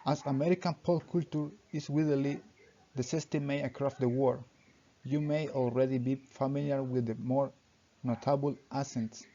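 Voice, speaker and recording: Young man, student presentation, halting read-aloud phrasing, mellow dark voice, muffled lo-fi recording. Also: medium pitch, fairly even intonation. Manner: reads in short halting phrases with grammar slips. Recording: dull lo-fi recording.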